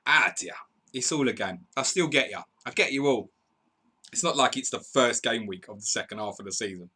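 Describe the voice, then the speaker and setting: A man's voice: mid-range voice, animated, fairly quick, bright, forceful tone, slightly rough. A man hosting a live football stream, reading viewers' comments and calling match updates in a chatty, bantering way. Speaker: podcast host.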